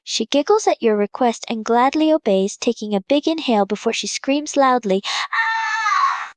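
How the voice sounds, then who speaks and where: A woman narrates a fan story in a playful read-aloud manner and lets loose acted screams. Her voice is high and swoops widely in pitch. The sound is dry and close. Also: expressive, moderate pace, darkish tone, no echo.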